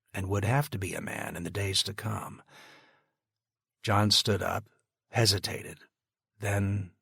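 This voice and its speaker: A man narrating an audiobook in a steady, even storytelling manner. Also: fairly low pitch, vocal fry, husky, dry recording, clean studio sound. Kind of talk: scripted narration.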